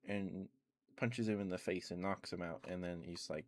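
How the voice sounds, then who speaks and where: A young man rambling through relaxed ASMR chat on a stream, with lots of filler words, at a close mic. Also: low-pitched, a little fast, slight background noise. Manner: rambling, meandering, full of "like" and "um" fillers. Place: home streaming setup.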